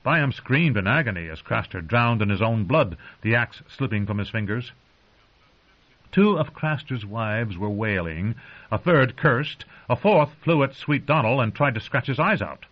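Male audiobook narrator, steady and dramatic. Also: mid-range voice, a little slow. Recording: dull lo-fi audio.

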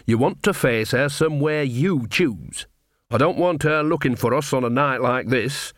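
A man's voice: mid-range voice, normal speed, fairly bright tone, no room sound, studio quality, close to an everyday voice. A man voicing a cheerful, folksy old witch woman in a storybook reading, with a homely, chatty manner.

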